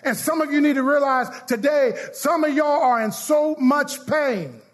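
A man a sermon, calling out to the congregation and leading call-and-response, his lines half sung and shouted. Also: extremely high pitch, measured pace. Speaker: pastor.

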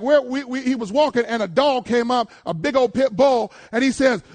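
High, gravelly-voiced preacher. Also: male voice, a little fast, few pauses. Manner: animated, calls out to the congregation, swings between loud and hushed. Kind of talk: sermon.

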